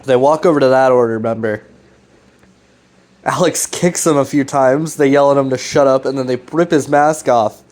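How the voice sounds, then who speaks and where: Casual male recap host, mid-pitched, loose and profane. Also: normal speed, a little mellow. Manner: loose, profane, full of fillers and restarts. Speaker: web series recap host. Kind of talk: casual rambling plot recap.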